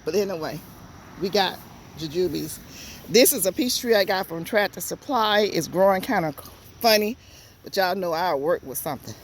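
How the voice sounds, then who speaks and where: A woman's voice: lowish voice, expressive, moderate pace, a little hiss or hum. A woman with a Southern US accent giving a casual, folksy garden tour outdoors, chatting straight to her viewers. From Georgia, USA. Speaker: home gardener vlogger.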